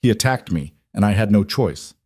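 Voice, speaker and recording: A man's voice: lowish voice, expressive, normal speed, a little mellow, slightly rough, no room sound, clean studio sound. A man voicing a cruel, sneering young werewolf villain who mocks his brother in an audiobook. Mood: cold. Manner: taunting, mocking.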